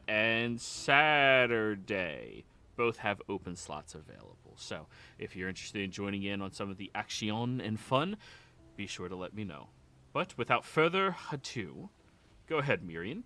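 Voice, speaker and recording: Bright-voiced male game master. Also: lowish voice, big pitch swings, a little slow. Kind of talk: running a live-streamed tabletop game.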